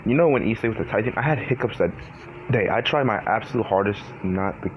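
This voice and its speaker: Deep-voiced young man with hiccups. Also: lively intonation, fast, a little hiss or hum. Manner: sighs often, swears, frustrated and rambling. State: has the hiccups. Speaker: channel host. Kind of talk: casual vlog chat. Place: garage. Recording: dull lo-fi sound with faint ambience.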